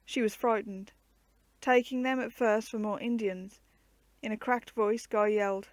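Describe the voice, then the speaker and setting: Expressive woman reading a storybook. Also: on the high side, no room sound. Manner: measured, expressive narration. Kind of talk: reading a children's adventure book aloud.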